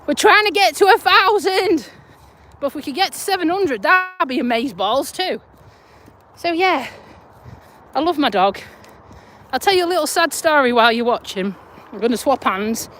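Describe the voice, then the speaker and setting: This is a high-pitched, fairly bright female voice on a casual live stream, recorded on a phone she holds while walking her dog outdoors in an urban area. She talks in a plain, unfussy way and swears a bit. The audio is poor, with slight hiss or hum.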